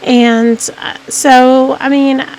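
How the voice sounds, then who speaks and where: A woman with a fairly high voice talks straight to her viewers in a casual vlog. She rambles as she tells a personal story and keeps restarting her sentences with fillers. A faint hiss sits under her voice. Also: flat delivery, very slow, a little mellow, low-quality recording. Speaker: vlogger.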